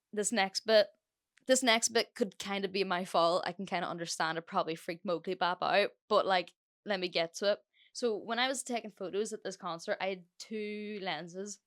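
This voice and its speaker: A young woman hosting a solo podcast, telling a story in a chatty, sweary way with lots of fillers. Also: medium pitch. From Ireland. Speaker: podcast host.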